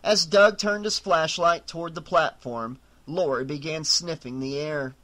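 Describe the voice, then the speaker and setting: Horror audiobook narrator, man, bright forceful tone, slightly high. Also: fairly even intonation, a little slow.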